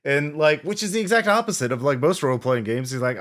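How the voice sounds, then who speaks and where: A man's voice: a little high, animated, fast talker. A man co-hosting a role-playing podcast, talking in a rambling, reflective way with lots of "like" and "you know". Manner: rambling, many fillers and restarts, reflective. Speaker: podcast co-host. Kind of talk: casual chat.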